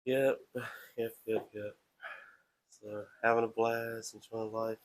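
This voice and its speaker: A man's voice: lowish voice, flat delivery, slow pace, rough recording. Playful, chatty man hosting a stream. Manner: playful, chatty, self-promoting. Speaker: live stream host. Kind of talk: casual live-stream monologue.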